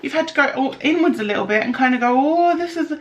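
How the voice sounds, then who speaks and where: A woman's voice: sits high, very fast, highs cut off, a little hiss or hum. A young woman from the United Kingdom giving a casual tarot reading, chatty and rambling, with lots of fillers and restarts. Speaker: tarot reader.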